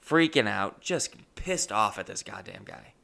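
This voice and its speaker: Gravelly, bright-voiced comic telling a story. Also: male voice, fairly low pitch, measured pace. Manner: animated, profane, exasperated. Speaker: comedian. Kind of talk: comedic storytelling monologue.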